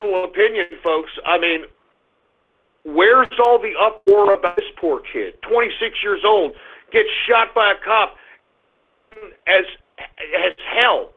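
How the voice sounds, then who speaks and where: On his call-in talk radio show, a man with a high voice rants, swears and occasionally erupts into loud outbursts. The audio is thin and tinny, like a phone line. He's animated but slow, pausing often.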